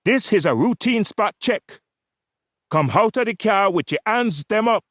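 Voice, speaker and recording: A man's voice: sits high, expressive, a little slow, a bit bright, no echo, studio quality, voice pushed up. A man voicing a blustering Jamaican police sergeant who barks orders and mocks the men he stops, with a Jamaican accent. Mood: commanding. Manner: barking orders, insulting and mocking.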